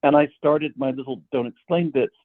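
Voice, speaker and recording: On a tinny, phone-like line with no room sound, the guest composer talks a little fast in a mid-range voice. His anecdotes run long, and he frequently stammers and repeats words when beginning sentences.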